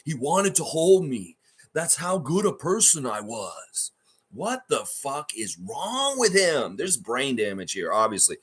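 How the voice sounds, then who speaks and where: A man rants on a fan livestream with a husky, slightly rough voice that leaps up and drops low as he talks. He is heated and profane, mocking everything he talks about. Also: big pitch swings, unhurried, a bit bright. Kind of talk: ranting fan reaction livestream.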